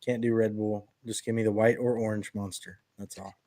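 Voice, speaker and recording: A man's voice: fairly low pitch, flat delivery, fairly quick, dark tone, no room sound. A man hosting a casual podcast, joking and easygoing, talking straight to his listeners. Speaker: podcast host and window cleaner.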